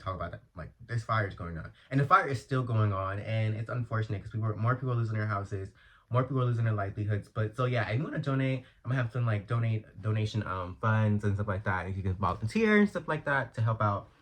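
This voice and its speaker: Chatty young-sounding man ranting on a podcast. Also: medium pitch. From Los Angeles. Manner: chatty, slangy, loud outbursts when annoyed. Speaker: podcast host. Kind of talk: casual solo podcast rant. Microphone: earphone mic.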